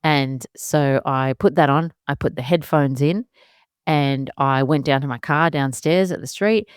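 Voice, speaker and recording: A woman in her thirties with a low voice tells a story in a casual, animated monologue and laughs often as she acts out what she was thinking. The sound is dry and close, with no room around her. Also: a little slow, clear, resonant tone, no room sound. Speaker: podcast host and mother.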